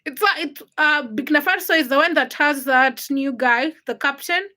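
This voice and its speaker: Bright, high-voiced woman livestreaming chat. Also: normal speed. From Uganda. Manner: chatty, greets viewers by name, answers comments. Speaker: livestream host. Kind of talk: casual livestream chat greeting viewers. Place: at home.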